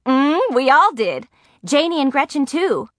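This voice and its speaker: A chatty, know-it-all schoolgirl, voiced by a woman reading a storybook. She passes along news in quick bursts with a lively, rising pitch. The sound is close and dry. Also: dry recording.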